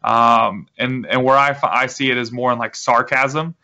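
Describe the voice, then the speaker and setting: A man guest explaining his business in a relaxed, rambling interview manner, with many restarts. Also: medium pitch, normal speed. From South Carolina. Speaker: guest, real estate wholesaler. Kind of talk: casual interview talk. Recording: dull lo-fi audio.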